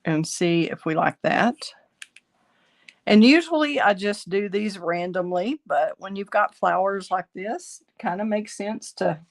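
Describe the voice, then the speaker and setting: A middle-aged woman, raspy from bronchitis, chatting through a card-making tutorial as she works. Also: medium pitch, unhurried. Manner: chatty, thinking aloud while working. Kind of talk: casual craft tutorial.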